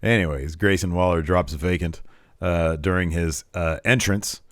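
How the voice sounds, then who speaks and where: A man's voice: sits low, unhurried, no room sound, studio quality. A man co-hosting a podcast, recapping a wrestling show in casual chat and animatedly acting out what people said. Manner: animated storytelling, acts out quotes. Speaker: podcast co-host.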